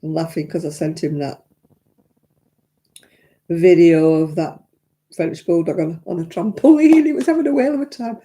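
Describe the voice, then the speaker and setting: A woman's voice: on the low side, normal speed, pauses often, warm tone. Chatty self-mocking woman. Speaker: craft live-stream host. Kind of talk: casual live-stream chat.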